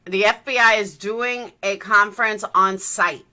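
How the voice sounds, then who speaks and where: A woman's voice: mid-range voice, steady tone, measured pace, bright, forceful tone. A woman hosting a livestream, chatting loosely as she reacts to a live news feed. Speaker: livestream host. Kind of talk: casual live commentary.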